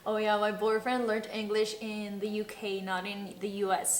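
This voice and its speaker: A woman's voice: medium pitch, level tone, moderate pace. A woman with a Spanish accent, a native Spanish speaker, chatting giggly and casual through a makeup tutorial, swearing freely. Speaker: beauty vlogger. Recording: roomy echo, faint music.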